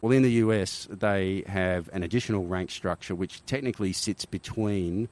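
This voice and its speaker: Deep-voiced Australian man telling stories. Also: normal speed, darkish tone. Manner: rambling with restarts and frequent "right?" tags. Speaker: podcast guest, army helicopter veteran. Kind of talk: casual interview storytelling.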